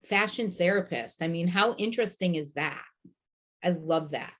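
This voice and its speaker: A woman's voice: on the low side, normal speed. A woman hosting a video call panel, enthusiastic and full of praise for her guests. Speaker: host.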